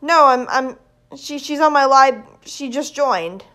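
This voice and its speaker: Excitable woman vlogging at home, a touch high-pitched, talks slowly. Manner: excitable, showing things off. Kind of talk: casual home vlog. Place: indoors at home.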